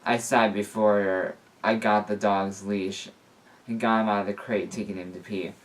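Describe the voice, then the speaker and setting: Low-voiced man reading a story aloud. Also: flat delivery, moderate pace, recorded from a distance. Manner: casual, stumbling reading with restarts. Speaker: story reader. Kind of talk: reading fan fiction aloud.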